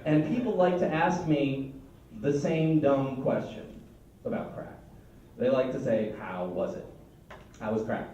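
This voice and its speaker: Rambling stand-up comedian on a club stage. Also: male voice, a little high, warm tone, lo-fi sound, a little hiss or hum. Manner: loose, rambling delivery with stammered restarts. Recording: echoey club recorded from a distance.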